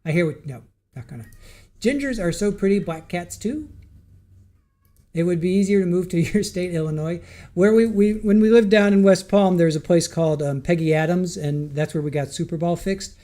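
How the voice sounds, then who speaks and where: A man's voice: high-pitched, brisk, dark tone. A man hosting a live stream, chatting casually and rambling with restarts as he reads viewer comments aloud. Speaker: livestream host.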